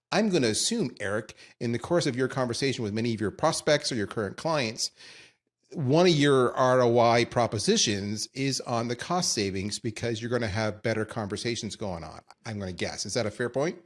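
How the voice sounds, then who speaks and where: A man hosting a live webinar, talking conversationally, restarting his sentences often and steering the talk between guests. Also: mid-range voice. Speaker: webinar host.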